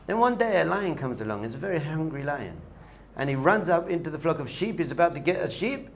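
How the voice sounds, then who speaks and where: Animated rabbi teaching a lesson. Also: male voice, a little high, a little fast, slight background noise. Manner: animated, repetitive emphasis. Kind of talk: Torah lesson with storytelling.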